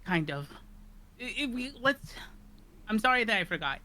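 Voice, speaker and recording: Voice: mid-range voice, sing-song, moderate pace, bright, forceful tone. A tabletop player voicing a frustrated man with short-term memory loss who stammers through exasperated questions. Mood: flustered, apologetic.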